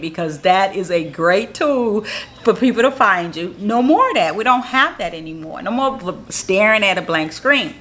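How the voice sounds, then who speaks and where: A woman's voice: medium pitch, animated, normal speed, a bit bright. A woman, a marketing strategist, giving a casual how-to tutorial in an upbeat, positive, motivational way, restating her points in plain, encouraging talk.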